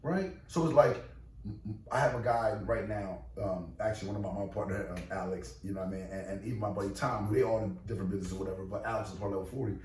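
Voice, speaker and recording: A man who owns and runs a boxing gym, talking casually in a podcast interview, emphatic and animated with many repeated restarts. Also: fairly low pitch, racing. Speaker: boxing gym owner and trainer. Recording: echoey room, distant mic, faint noise.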